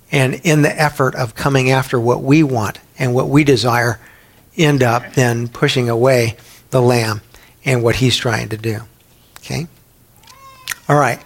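A middle-aged man preaching a Bible teaching sermon in a conversational way, sometimes acting out quoted voices. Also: mid-range voice. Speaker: pastor.

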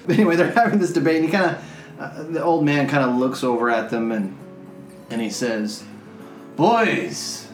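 A man running a tabletop game, chatty and quick to laugh at his own asides. His voice sits at a middle pitch in a roomy space, with faint music underneath. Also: fairly even intonation. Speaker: game master.

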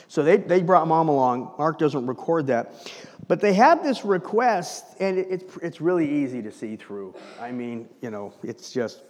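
A man preaching a sermon as pastor, talking conversationally to the congregation and often checking in with "right?". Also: a little high. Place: church sanctuary. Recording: church hall reverb.

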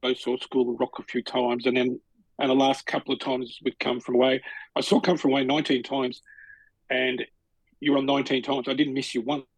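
A man's voice: mid-range voice, flat delivery, brisk, no room sound, rough recording. A middle-aged man, co-hosting a podcast and telling stories in a casual, rambling way full of restarts. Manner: chatty, storytelling with lots of restarts. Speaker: podcast co-host. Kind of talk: casual chat.

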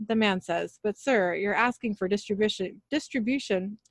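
A woman narrates an episode in a casual recap, reading out the characters' dialogue in her everyday voice. Her pitch sits in the middle for a woman. The sound is dry and close, with no room echo. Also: normal speed. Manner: reads every character's lines in her own voice, laughing at her slips.

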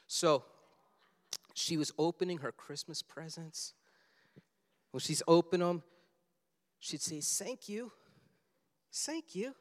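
A man with a high voice preaches a sermon, animatedly acting out scenes as he tells them. His voice rings with a long hall reverb, as if recorded in a large sanctuary.

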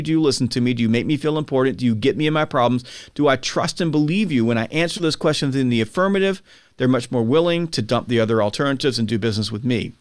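A man as a podcast guest, explaining with emphatic energy and acting out buyers and sellers in quick quotes. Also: medium pitch, dry recording, studio quality. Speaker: podcast guest, sales author. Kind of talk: conversational explaining.

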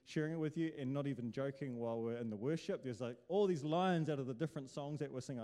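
A man's voice: mid-range voice, fast, hardly any pauses, warm tone. A man preaching a casual sermon, chatty and joking, firing off rhetorical questions. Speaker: pastor. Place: church hall. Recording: long hall reverb.

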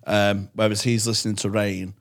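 A man's voice: on the low side, level tone, normal speed. A man co-hosting a comedy podcast, rambling and playful in casual chat. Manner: rambling, playful, acts out quoted voices. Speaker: podcast co-host.

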